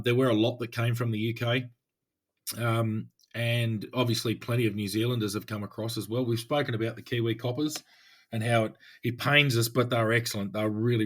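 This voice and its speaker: Easygoing Australian policeman co-host. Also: medium pitch. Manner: thoughtful, easygoing, many filler pauses. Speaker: police officer and podcast co-host. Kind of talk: casual chat.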